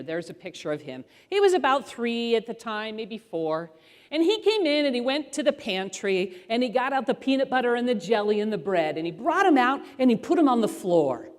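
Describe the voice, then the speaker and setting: A middle-aged woman tells parenting stories to an audience with an animated, voice-acting delivery. Her fairly high voice swoops widely in pitch. The sound carries a long hall reverb. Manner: animated storyteller who acts out voices. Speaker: parenting author and speaker. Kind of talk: storytelling talk to an audience.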